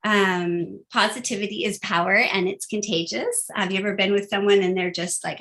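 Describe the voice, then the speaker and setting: A woman's voice: medium pitch, fairly bright tone. A woman giving a casual, upbeat phone-skills training talk, chatty and full of fillers.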